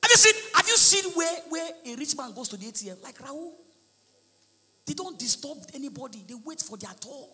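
Loud high-pitched Nigerian comedian shouting punchlines. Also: male voice, very animated, a little fast, big-room sound. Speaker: stand-up comedian. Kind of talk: live stand-up comedy. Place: large live comedy venue with audience.

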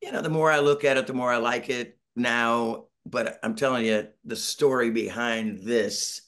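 Over a video call from his Northern California home, a middle-aged band member being interviewed tells a long, rambling story, restarting and playing out other people's lines. His medium-pitched, fairly bright voice moves at a moderate pace with fairly even intonation, and his tone is casual and self-deprecating.

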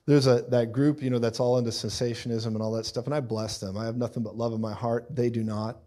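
A man's voice: medium pitch, little pitch movement, fast, warm tone. A man preaching a live sermon in a conversational style, with frequent asides and quoted voices.

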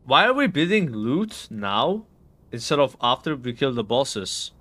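A man's voice: mid-range voice, very animated, unhurried, fairly bright tone. A man streaming a raid, chatting casually, swearing and saying bro all the time. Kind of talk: casual gaming chat.

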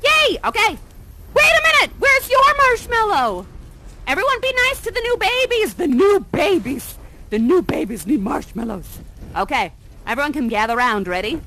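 A woman's voice: on the high side, lively intonation, moderate pace, vocal fry, background noise. A woman playing an exiled mother sorceress in live interactive theater, coaxing and playfully dramatic, doting on her audience. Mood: excited cheerful. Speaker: immersive theater actor.

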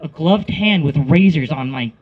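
A young man reading a crude comedic dream story in an animated, rapid way. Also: a little high, muffled recording. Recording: loud background noise.

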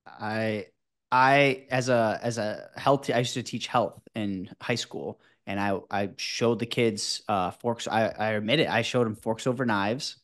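A man's voice: lowish voice, measured pace. A man, a former health teacher, chatting in a podcast and telling stories loosely with lots of "you know" and "like". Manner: relaxed storytelling, many fillers like "you know" and "like". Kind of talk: casual podcast conversation.

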